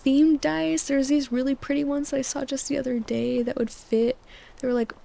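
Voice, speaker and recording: A young woman talks softly and slowly for a sleep-aid gaming video, close to a desktop mic. Her voice is mellow with a gravelly fry. She rambles from tangent to tangent with lots of "like" and often drops into a whisper. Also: medium pitch. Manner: rambling and tangential, many "like"s, drifting into soft whispers. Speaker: gaming channel host. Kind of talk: soft-spoken sleep-aid rambling over gameplay. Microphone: desktop USB mic.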